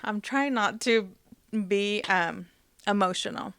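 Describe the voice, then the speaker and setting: A woman podcast host telling personal family stories in a soft, reflective way, pausing often with fillers. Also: mid-range voice, clear, resonant tone, dry recording, clean studio sound. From Hispanic family, Spanish-speaking mother. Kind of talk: personal storytelling.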